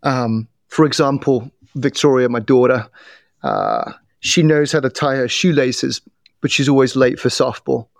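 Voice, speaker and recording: A middle-aged man, a guest on a podcast, explaining how people's biases work in an animated way, telling stories and often restarting his sentences. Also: mid-range voice, unhurried, gravelly, no echo, studio quality. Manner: animated storyteller with repeated restarts. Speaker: podcast guest, bias trainer. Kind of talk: casual interview talk.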